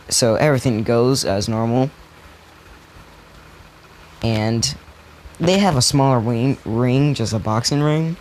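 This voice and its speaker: Young man, casual storyteller, slangy and halting, noisy mic. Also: medium pitch. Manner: loose, slangy, halting with fillers and restarts.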